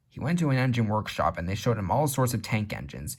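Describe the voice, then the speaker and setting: A man reads a storybook aloud, husky and lively in pitch. His delivery is measured and expressive, carrying the listener through the tale. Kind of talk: storybook reading.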